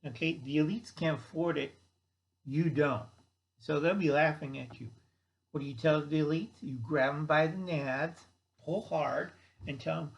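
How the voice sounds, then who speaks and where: Slow, blunt ranting man. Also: on the high side, creaky, rough recording. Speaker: channel host. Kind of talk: rambling monologue.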